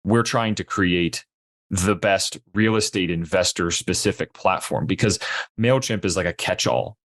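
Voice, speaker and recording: Young male founder, very low voice, dry close sound, explaining steadily. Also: unhurried, a bit bright, no echo. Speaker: startup founder guest. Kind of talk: podcast interview.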